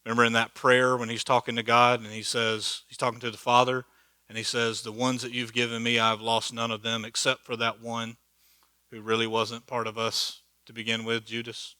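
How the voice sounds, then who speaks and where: A man's voice: medium pitch, completely flat delivery, normal speed, pushed and bright, clear, resonant tone, no echo. A man teaching a church Bible study in a conversational, joking way, laughing at his own asides. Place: church hall.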